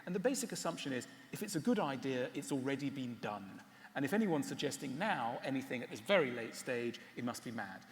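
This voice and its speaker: A man giving a public talk and answering questions, wry and animated, often stopping on fillers. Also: mid-range voice, a little fast, in a large hall, a little hiss or hum. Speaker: speaker. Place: large hall.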